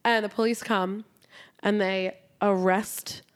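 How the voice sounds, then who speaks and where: A young woman on a podcast mic recounts her night out in an excited, storytelling rush. Her talk is full of "like" fillers and casual swearing. Her pitch sits in the middle range. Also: slow pace, smooth. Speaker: podcast co-host. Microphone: studio podcast mic.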